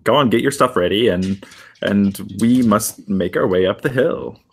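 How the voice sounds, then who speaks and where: A man playing a tabletop game in an offhand, unhurried way. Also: on the low side, slightly rough. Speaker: player.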